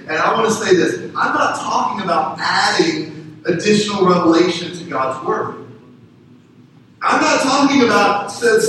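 Emphatic high-voiced preacher, echoey and distant. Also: male voice, a bit bright, slight background noise. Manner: emphatic, repeats phrases for effect. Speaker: pastor. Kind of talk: sermon. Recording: echoey room heard from a distance.

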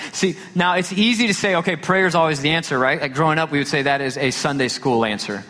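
A man's voice: mid-range voice, quick pace, few pauses. Man preaching in a reverberant hall. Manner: storytelling, animated retelling with quoted dialogue. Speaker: pastor. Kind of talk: sermon.

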